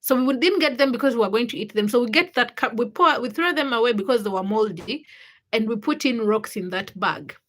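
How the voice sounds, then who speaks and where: A young adult woman talks casually to her livestream viewers. She tells childhood stories in an animated way, acting out the people in them. Her voice sits a little high and has a bright, forceful edge. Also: a little fast. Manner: animated storytelling, acts out quotes with laughter. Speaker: livestream host.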